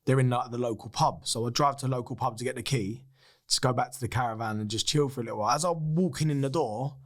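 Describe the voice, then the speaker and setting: A male podcast guest with a mid-range voice and quick pace shares a personal story openly and casually. The retelling is animated and excitable, full of free swearing and acted-out lines from other people.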